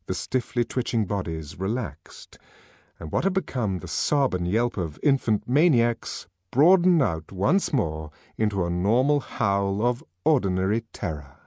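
A man reading an audiobook as narrator, in measured, expressive scripted storytelling. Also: on the low side, no room sound.

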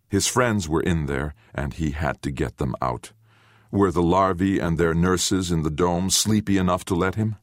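A man narrates a novel aloud in a very low voice, reading at an unhurried pace. His intonation rises and falls with animation, in a measured storytelling manner. The recording is dry and close. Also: dry recording. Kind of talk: audiobook narration.

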